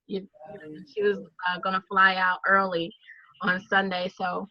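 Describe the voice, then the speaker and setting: A woman with a Southern accent, an animated storyteller who laughs often and acts out what people said, talking casually to a group on a video call. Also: mid-range voice, moderate pace, dry recording. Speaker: network marketing speaker. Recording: dull, dry lo-fi sound.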